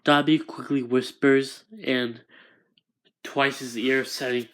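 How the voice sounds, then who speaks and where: Slow, hesitant male storyteller. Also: mid-range voice, a bit bright. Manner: hesitant, restarts often. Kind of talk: improvised fan story narration.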